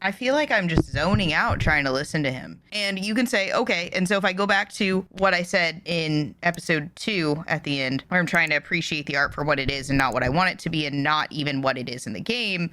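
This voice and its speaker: A woman hosting a reaction video, giving animated, opinionated commentary that rises when she gets passionate. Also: low voice, brisk, hardly any pauses, dry recording.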